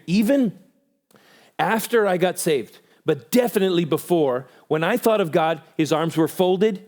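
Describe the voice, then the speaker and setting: Man, church conference speaker, animated, slightly high voice, acts out voices. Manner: animated, acts out quoted voices with big pitch jumps. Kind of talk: church talk.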